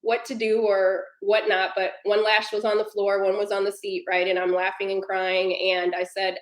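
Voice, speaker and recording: A woman's voice: mid-range voice, level tone, normal speed, few pauses. Earnest woman telling a story in an echoey room. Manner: earnest, building to emphatic passages. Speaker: panel speaker. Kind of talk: personal storytelling on a panel.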